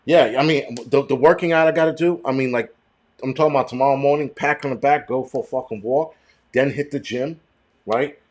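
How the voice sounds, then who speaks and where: A man hosting a casual livestream chat, rambling and swearing freely with animated outbursts. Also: mid-range voice, fairly quick. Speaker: host.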